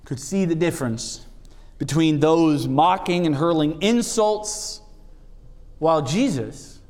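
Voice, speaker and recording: Man, pastor, sermon, scripture reading, higher voice, long hall echo. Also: animated, takes it slowly, a little mellow. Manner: reads scripture aloud, then comments on it.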